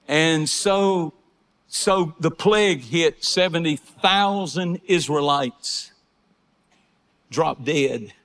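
A man preaching a fervent sermon, swinging between shouted praise and hushed storytelling. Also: on the high side. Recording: hall reverb.

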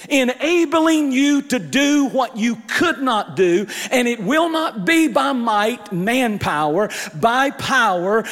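A male pastor delivers a sermon in a high, ringing voice, drawing out his phrases slowly. He leans on repetition and builds up to shouts, with long hall reverb trailing each line.

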